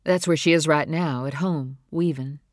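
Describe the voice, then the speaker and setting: A narrator voicing a grown woman, a guarded and defensive mother who speaks earnestly with quiet strain. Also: mid-range voice, moderate pace, dry recording, studio quality, natural voice.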